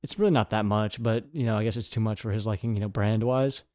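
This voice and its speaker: A man's voice: fairly low pitch, quick pace, darkish tone, no room sound, studio quality. A man co-hosting a podcast, chatting casually in a rambling, joking way. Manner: rambling, jokey, full of fillers. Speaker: podcast co-host. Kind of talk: casual chat.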